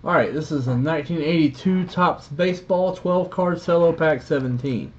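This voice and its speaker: A man's voice: a little high, moderate pace. A man with a Southern accent hosting a live stream, casually joking with viewers as he opens card packs. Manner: relaxed, joking, chatty. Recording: dull lo-fi stream audio.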